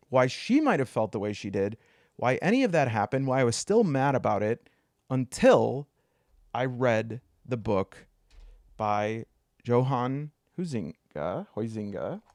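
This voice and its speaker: A man telling a story in a casual monologue, joking as he goes and climbing to a high, excited pitch when he gets worked up. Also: no echo, studio quality. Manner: jokey asides, many fillers. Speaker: solo video essayist.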